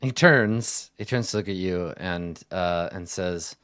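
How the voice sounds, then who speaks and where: A man's voice: low-pitched, slow, hardly any pauses, a bit bright, clear, resonant tone, no echo, clean studio sound. A man acting as game master, narrating a tabletop game with hesitant fillers.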